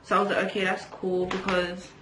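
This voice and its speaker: Doing her makeup, this English vlogger tells a chatty storytime, rambling along with plenty of fillers and restarts. She speaks fairly quickly in a monotone at middle pitch. Echo fills the space, backed by a soft hiss.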